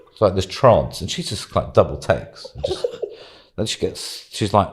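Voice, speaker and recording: A man's voice: deep voice, big pitch swings, normal speed. A man telling a casual anecdote as a podcast guest, chatty, laughing often and acting out what others said.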